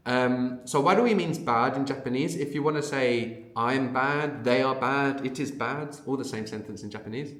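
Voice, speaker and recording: A man's voice: mid-range voice, moderate pace, few pauses, fairly bright tone, roomy sound. A man teaching a language lesson, explaining patiently and conversationally, often checking in with a questioning "no?". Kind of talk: unscripted audio language lesson.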